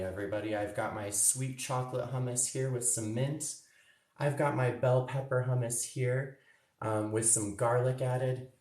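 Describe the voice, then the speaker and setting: A man's voice: mid-range voice, darkish tone. Cheerful man cooking in echoey kitchen. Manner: cheerful, chatty, tastes food while talking. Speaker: cooking instructor. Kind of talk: live cooking demo for kids. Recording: roomy echo, mic at a distance.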